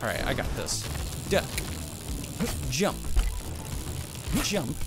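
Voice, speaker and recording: Excitable man commentating gameplay over music. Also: medium pitch, takes it slowly, gravelly. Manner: excitable, yelps and exclaims often. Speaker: gaming YouTuber.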